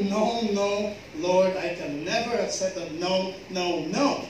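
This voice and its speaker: A man's voice: high voice, slow, hardly any pauses. A man preaching a sermon in an emphatic way, acting out quoted pleas. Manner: emphatic, acts out quoted pleas, mixes in Filipino words. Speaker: pastor. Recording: echoey hall from far off, faint noise.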